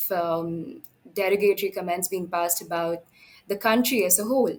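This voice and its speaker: A woman's voice: mid-range voice, a little slow, rough recording. A young woman interviewing a guest, polite and a little hesitant with fillers. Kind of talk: interview questions.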